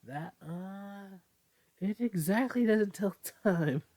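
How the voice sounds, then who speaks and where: A man's voice: high voice, expressive, takes it slowly, darkish tone, no echo, pitched above the performer's own voice, heavily acted. A man voicing an awkward young alien hero with a raised, hesitant delivery. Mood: nervous.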